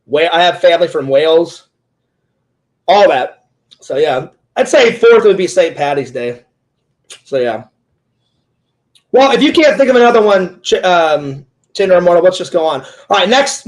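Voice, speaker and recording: A man's voice: high-pitched, sing-song, normal speed. A talkative man interviewing a fellow streamer in casual chat, rambling through stories with many "like"s and "he goes"s.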